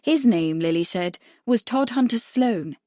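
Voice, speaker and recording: A woman narrating a cozy mystery audiobook in a measured, even storytelling voice. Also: fairly high pitch, no echo, clean studio sound. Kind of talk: scripted narration.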